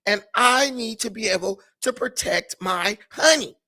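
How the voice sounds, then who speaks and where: A man's voice: sits high, lively intonation, measured pace, pushed and bright, heavily acted. A man voicing a boastful male bee guarding his honey, with a swaggering, streetwise manner. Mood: pleading.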